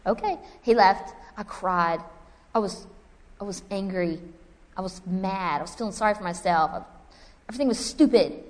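Addressing a women's gathering, a woman preaches by telling a personal story full of lively acted-out dialogue and self-mocking humor before reading scripture. Her mid-range voice moves at a moderate pace, and the recording has a big-room sound.

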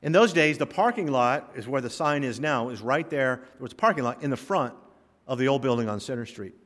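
A man's voice: medium pitch, animated, fairly quick, fairly bright tone. A man preaching a sermon, telling stories with humor and driving home emphatic points. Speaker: pastor. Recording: long reverb of a hall.

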